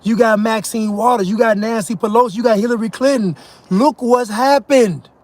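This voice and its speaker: A man's voice: sits high, steady tone, fast, no echo. A man delivering an emphatic, mocking monologue rant as a commentator, laughing at his own points. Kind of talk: ranting monologue.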